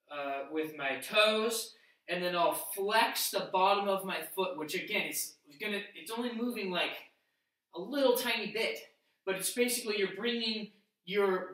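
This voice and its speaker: This is an instructional workout demo: a male fitness instructor explains each move in sequence while doing it. His voice is bright and on the higher side, and the mic is distant in a room with lots of echo.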